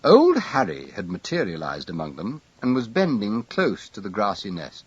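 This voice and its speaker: A man narrating an audiobook in a measured, expressive storytelling manner. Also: on the low side, slightly rough, dry recording, highs cut off. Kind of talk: scripted narration.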